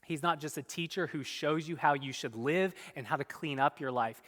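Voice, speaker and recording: Brief: male pastor preaching, bright forceful tone, swings from emphatic to hushed. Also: on the high side, normal speed. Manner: animated and emphatic, dropping to soft, quiet tones. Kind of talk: sermon. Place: church sanctuary. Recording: long reverb in a church hall.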